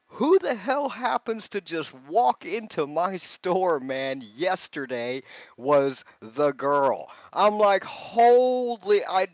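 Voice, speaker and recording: Slow, rambling man on a dull mic. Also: medium pitch, no echo. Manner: rambling storyteller, calls listeners man and bro. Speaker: livestream host. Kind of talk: casual chat. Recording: dull lo-fi sound.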